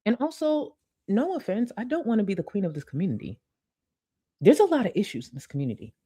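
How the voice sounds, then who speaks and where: A woman's voice: medium pitch, fast talker, husky. A woman giving casual commentary on a stream, talking bluntly with lots of swearing, recorded on a desk mic at home. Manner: blunt, profane, excitable. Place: home room with ring light. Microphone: desk mic with webcam.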